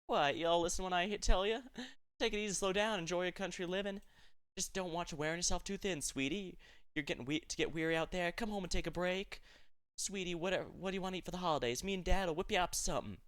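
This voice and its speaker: A man's voice: sits high, fast talker, a bit bright, clean tone, no echo, pitched above the performer's own voice. A man reading a game story aloud, voicing a fussing, motherly country woman. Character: doting middle-aged country mother.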